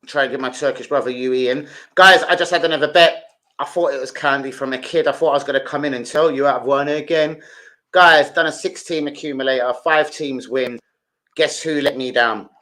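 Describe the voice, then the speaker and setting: An older man, chatting casually on a live stream, shouting out to viewers and swearing freely. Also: mid-range voice, steady tone, a little fast.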